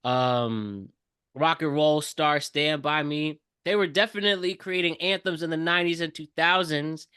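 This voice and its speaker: A man co-hosting a podcast, giving lively news-style rundowns in casual chat. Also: on the high side, normal speed, clean tone, no room sound, clean studio sound. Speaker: podcast co-host.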